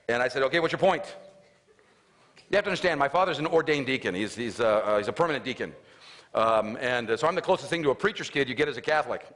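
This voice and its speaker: A man's voice: medium pitch, fast talker. A middle-aged man, a motivational speaker, telling a family story to an audience and acting out the dialogue with humor. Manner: animated storyteller, acts out his father's lines with raised voice.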